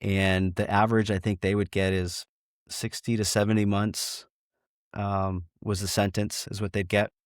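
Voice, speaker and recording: A man's voice: fairly low pitch, little pitch movement, moderate pace, no room sound, studio quality. A middle-aged man, a retired state trooper, telling stories from his cases in a frank way, often restarting his sentences. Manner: frank, many restarts, quotes dialogue. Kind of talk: storytelling in a podcast interview.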